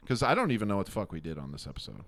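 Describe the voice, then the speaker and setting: A man's voice: fairly low pitch, sing-song, very fast, vocal fry, a bit bright, no room sound. A man co-hosting a podcast in casual chat, laid-back, swearing freely and laughing often. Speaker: podcast co-host.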